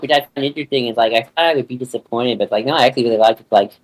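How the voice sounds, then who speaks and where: A man chatting as a podcast guest, relaxed fan talk with many "you know"s. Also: mid-range voice, racing, poor audio. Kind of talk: casual chat.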